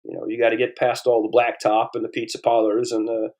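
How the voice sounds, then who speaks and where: A man's voice: mid-range voice, monotone, fast, a little mellow. A man in his fifties talks loosely as an interview guest. He often restarts sentences and fills gaps while he spins a story, and his voice sits mid-range. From eastern United States. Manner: rambling, storytelling, frequent restarts and fillers. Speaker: paleontologist guest. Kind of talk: casual interview conversation.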